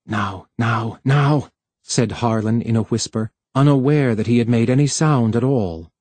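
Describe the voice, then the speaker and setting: A man narrating an audiobook in a steady, measured reading voice. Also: medium pitch, no room sound. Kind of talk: scripted narration.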